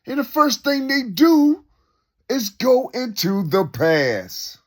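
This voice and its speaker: A man talks slowly in a wandering spoken monologue, circling back on his own phrases and asking his listener question after question. His voice sits high and swings widely up and down as he works through each thought. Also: big pitch swings. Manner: rhetorical questions, repeats himself; unscripted, loose and conversational. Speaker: speaker sharing reflections.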